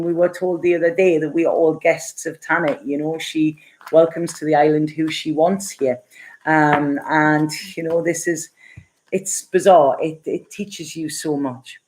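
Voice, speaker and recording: A woman's voice: deep voice, a little mellow, a little hiss or hum. Chatty, laughing woman tarot reader. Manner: chatty and rambling, laughs often, many fillers. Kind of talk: casual live tarot reading, answering viewer comments.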